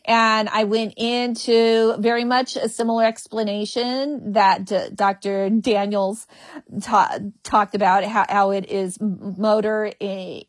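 A woman's voice: medium pitch, level tone, slow, no echo. A woman comedian speaking frankly and humorously in an interview, stuttering and repeating the first sounds of words. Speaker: comedian guest. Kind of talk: candid interview conversation.

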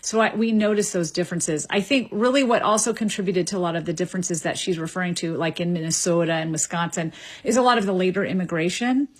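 A woman, a linguist guest, answering interview questions in a measured, lecturing way and repeating words as she thinks. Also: fairly low pitch, husky. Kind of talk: explanatory radio interview answers.

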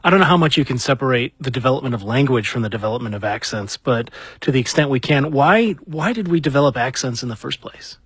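A man's voice: mid-range voice, expressive, fast talker, few pauses, slightly rough, no echo. A man hosting a radio interview, asking direct questions and moving the show along. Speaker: radio host.

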